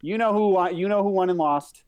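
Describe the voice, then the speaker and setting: Halting man on a podcast. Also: sits high, darkish tone, clean tone. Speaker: podcast co-host. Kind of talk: casual chat.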